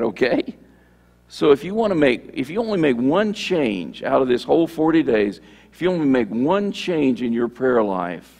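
A man's voice: medium pitch, vocal fry, a little mellow. A male pastor preaching a sermon in a conversational way, repeating phrases and acting out sample prayers. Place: church sanctuary. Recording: long church hall reverb.

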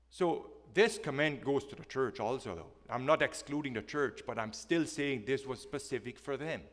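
A male preacher delivering a sermon with an emphatic, questioning style that swings between loud and hushed. His voice sits at an ordinary middle pitch, and a long reverb from the church hall hangs on every phrase. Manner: emphatic, asks the congregation questions.

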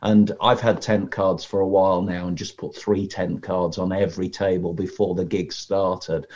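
A man guesting on a podcast as a magician, chatting in a lively, storytelling way and acting out how audiences react. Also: low voice, normal speed. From Britain. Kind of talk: casual podcast conversation. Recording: slightly muffled lo-fi audio.

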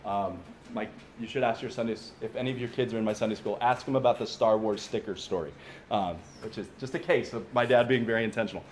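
A man's voice: lowish voice, quick pace, a little mellow, a little hiss or hum. A man giving an informal, conversational sermon, talking straight to his listeners with asides. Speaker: pastor. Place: father-son camp gathering. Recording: echoey room, faint background ambience.

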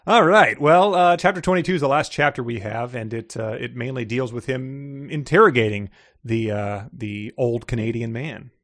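A man's voice: medium pitch, normal speed, a bit bright, no room sound, studio quality. A man co-hosting a podcast, chatting casually and sarcastically about a book. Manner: sarcastic, laughs often. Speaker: podcast co-host. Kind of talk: casual book-discussion chat.

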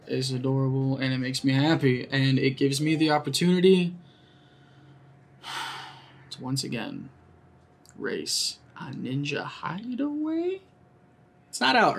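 A young man giving excitable, profane live commentary while racing in a kart game, often yelling at it. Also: fairly high pitch. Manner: excitable, swears a lot, yells at the game. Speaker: gaming YouTuber.

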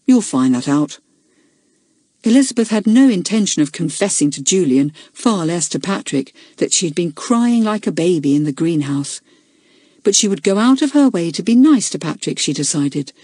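A woman narrating a children's book in a clear, measured storytelling manner. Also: fairly low pitch, expressive, warm tone, no room sound, clean studio sound. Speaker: audiobook narrator. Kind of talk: scripted narration.

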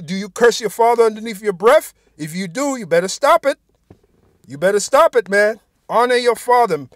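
A man's voice: very high voice, no room sound, studio quality. A man giving an informal sermon, reading scripture aloud and speaking bluntly and profanely, often tacking "man" onto his sentences. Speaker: preacher.

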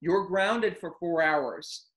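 A man hosting a casual chat, telling a long travel story with lively acted-out quotes. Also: sits high, slow pace. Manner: animated, acts out quotes and voices. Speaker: host.

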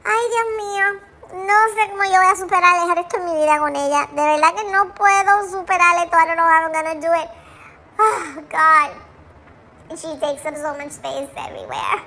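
A woman's voice: a little fast, heavily acted. A woman voicing a small, jealous, dramatic female chihuahua who chats away and switches between English and Spanish. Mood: complaining. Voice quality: very high, bright dog voice.

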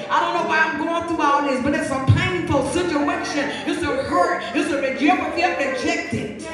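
A woman apostle preaching a rhythmic call-and-response sermon in church, repeating lines and swinging between shouts and soft pleading. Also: extremely high pitch. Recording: echoey room, far from mic, music behind.

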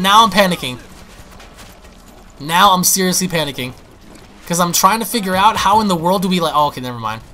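A young man giving excitable, panicky gameplay commentary, stammering and restarting as he plays. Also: a little high, slight background noise. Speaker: gaming YouTuber.

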